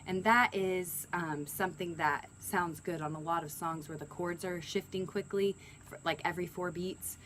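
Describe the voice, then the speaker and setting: Female music teacher, friendly and chatty, counts beats aloud, with loud ukulele strumming behind her. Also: on the low side, steady tone, moderate pace, poor audio. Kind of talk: instructional lesson. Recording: ukulele playing loud under the voice.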